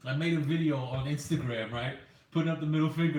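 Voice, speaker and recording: A man's voice: on the high side, quick pace, darkish tone, far from the mic. Blunt profane man in an echoey room. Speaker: podcast co-host. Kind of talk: casual chat.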